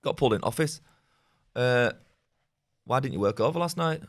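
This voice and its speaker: A man's voice: medium pitch, animated. A man, telling rambling, sweary stories as a podcast guest. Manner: fast, rambling, swears often, laughs. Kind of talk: casual storytelling chat.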